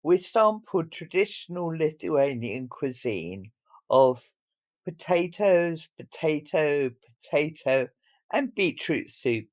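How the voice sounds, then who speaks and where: A man narrating a travel vlog voice-over in a calm, measured way. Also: on the high side, dull audio.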